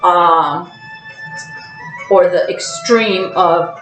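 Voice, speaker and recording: A woman's voice: mid-range voice, unhurried, roomy sound, faint music behind, poor audio. A woman hosting a tarot channel, talking casually about balance and acting out emotional outbursts as she goes. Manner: animated, acts out emotional outbursts. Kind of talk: casual spiritual monologue.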